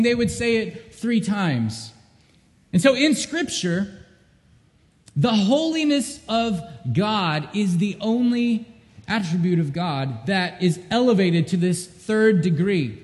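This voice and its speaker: A male pastor preaching a sermon with earnest emphasis, swinging from loud repeated cries down to low, intimate questions. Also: big-room sound.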